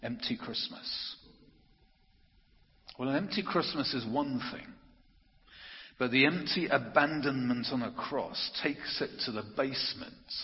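A man preaching an earnest, emphatic sermon, slowing down to stress key phrases. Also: mid-range voice. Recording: muffled audio with long hall reverb.

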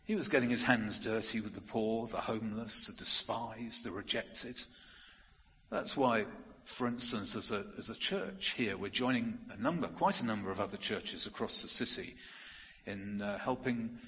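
A man preaching an earnest, emphatic sermon, slowing down to stress key phrases. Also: lowish voice. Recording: muffled audio with long hall reverb.

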